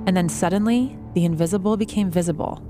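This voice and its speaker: A woman narrates a documentary in a lowish voice, measured and informative. Clear background music runs under her scripted lines.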